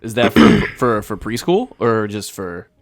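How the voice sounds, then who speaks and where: A man's voice: on the low side, big pitch swings, a little slow, soft background music. A man in his late twenties hosting a casual podcast chat, laid-back and trailing off at times. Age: 20s. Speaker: podcast host.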